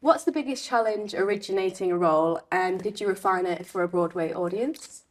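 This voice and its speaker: A woman's voice: mid-range voice, brisk. A young woman, a student interviewer, asking brief, friendly questions. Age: young adult.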